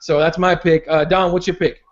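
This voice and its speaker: A man's voice: fairly high pitch, little pitch movement, moderate pace. A man hosting a casual chat podcast about fights, rambling with many restarts and fillers. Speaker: podcast host. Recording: dull lo-fi sound.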